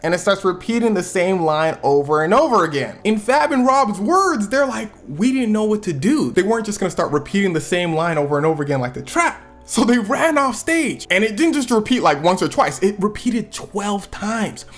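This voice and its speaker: Animated slangy male storyteller. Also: high-pitched, moderate pace, few pauses, soft background music. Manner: casual slangy, animated, with playful asides. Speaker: storyteller and channel host. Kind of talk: comedic storytelling narration.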